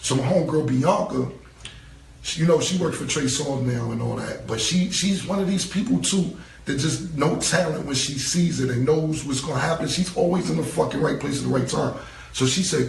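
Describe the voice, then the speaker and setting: A man's voice: mid-range voice, a little fast, vocal fry, a little hiss or hum. New man, casual rambling anecdote, acts out quotes, recorded far off in a roomy space. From New York. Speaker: interview guest. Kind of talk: casual storytelling interview. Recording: roomy, distant-mic recording.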